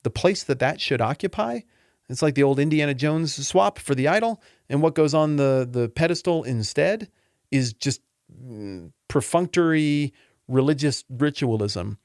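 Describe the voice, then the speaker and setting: Speaking at a moderate pace in a dry, clean studio recording, a man hosts a relaxed Bible teaching podcast. He is earnest and emotionally open, wandering from point to point conversationally with a lively, shifting pitch.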